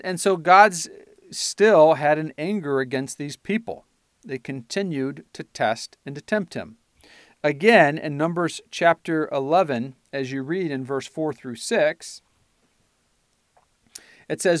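A man's voice: medium pitch, dry recording, studio quality. A man giving informal Bible teaching on a podcast, reading scripture aloud with rising emphasis and then explaining it in loose, filler-heavy talk.

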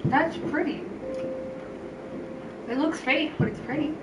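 A woman's voice: high voice, slow pace, far from the mic, very noisy. A woman co-hosting a casual gameplay session, making playful, teasing remarks. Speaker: co-host sidekick. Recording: roomy sound from off-mic, game music. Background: game music.

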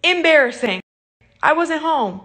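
A woman's voice: high voice, animated, a little slow, a bit bright. A woman ranting on a live stream, angry and swearing a lot while crying. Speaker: livestreamer.

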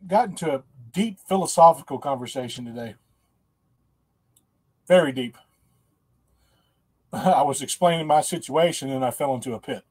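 A man's voice: medium pitch, moderate pace, pauses often, a little mellow, husky. A man hosting a casual livestream, rambling in a folksy, self-mocking way and laughing often. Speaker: host.

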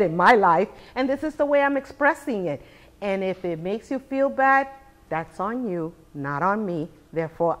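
A woman in her sixties giving a live talk to small business owners, asking rhetorical questions and acting out what others say. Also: medium pitch. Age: 60s. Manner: animated, rhetorical questions, acts out quotes. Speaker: speaker.

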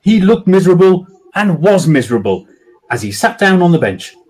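Husky man reading a story aloud. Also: sits high, normal speed. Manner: expressive, dramatic storytelling. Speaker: author reading to children. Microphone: video call.

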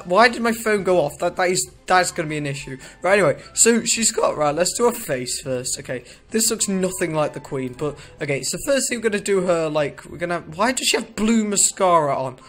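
Rambling jokey man with a higher voice. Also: a bit bright. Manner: rambling, jokey, self-interrupting. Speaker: gaming video creator. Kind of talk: casual gameplay commentary.

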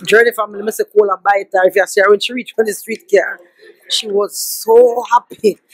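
A woman's voice: medium pitch, steady tone, fairly quick, poor audio. A woman with a Jamaican accent, chatting casually to her vlog audience on a handheld phone as she walks through streets and a subway station, mixing in patois and laughing often. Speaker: family vlogger. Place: city streets and subway station, outdoors and indoors.

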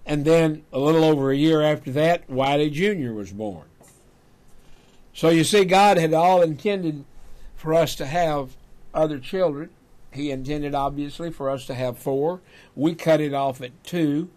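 A man's voice: a little high, unhurried. Folksy older man telling a story. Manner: folksy, animated when quoting himself. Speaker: radio talk show host. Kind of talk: storytelling monologue.

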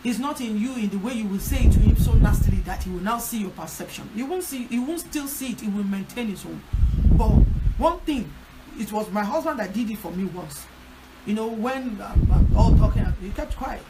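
A woman's voice: mid-range voice, expressive, fairly quick. A woman pastor, urging her listeners in an emphatic, repetitive teaching talk on a prayer line. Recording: loud background noise.

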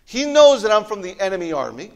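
Man voicing a proud commander, scornful and demanding, high-pitched, long church reverb. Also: big pitch swings, quick pace. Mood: indignant. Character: proud, indignant foreign army commander, adult man.

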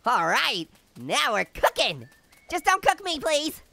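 A man voicing a cheeky, hyper male talking orange in a cartoon game let's-play, cracking puns and giggling through the commentary in a squeaky, pitched-up voice. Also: huge pitch swings, takes it slowly, vocal fry, pushed and bright, exaggerated voice. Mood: goofy. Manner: punning, giggly, constant jokes and laughter. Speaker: gaming commentator. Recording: noisy hissy recording.

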